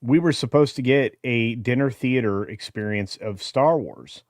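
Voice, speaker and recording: A man's voice: mid-range voice, measured pace, dry recording, clean studio sound. A man chatting on a podcast panel, enthusiastic and full of restarts. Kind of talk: casual podcast chat.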